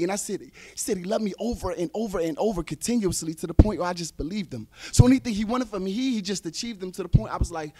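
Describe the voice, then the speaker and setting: A man performing spoken-word poetry on a live slam stage, dramatic and swinging from hushed to loud. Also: high-pitched, animated, fairly quick, dry recording. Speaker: slam poet.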